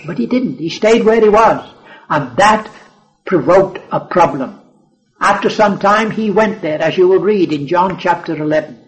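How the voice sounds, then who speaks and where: Preacher, male, high voice, earnest and emphatic, repeats key phrases. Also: low-quality recording. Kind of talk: sermon.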